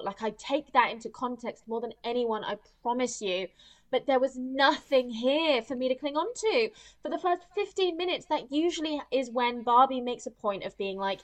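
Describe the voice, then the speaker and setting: A woman ranting in casual chat as a podcast co-host, swearing freely and acting out the characters she complains about. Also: high-pitched. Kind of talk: casual film review chat.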